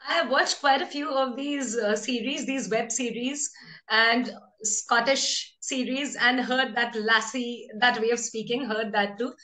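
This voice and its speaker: Bright-voiced curious woman host. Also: fairly high pitch, a little slow. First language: not English. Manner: curious, animated questioner. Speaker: host of English practice show. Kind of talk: interview questions.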